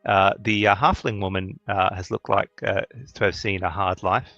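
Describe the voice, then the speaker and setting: Man, game master; low-ish, hesitant narration, dry close sound, soft music under it. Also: steady tone, no echo, lo-fi sound. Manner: halting, many fillers and restarts.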